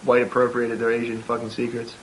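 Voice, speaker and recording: Man, mid voice, energetic, slangy, laughing, faint background ambience. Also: mid-range voice, fairly quick, slight background noise, low-quality recording. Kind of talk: casual chat.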